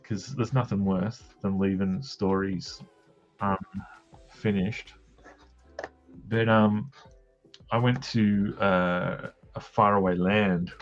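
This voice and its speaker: An Australian man hosting a drawing livestream, chatting casually in a joking, meandering way with lots of ums and tangents. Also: deep voice. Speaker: livestream host drawing comics. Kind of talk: casual rambling chat while drawing. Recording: dull lo-fi livestream audio.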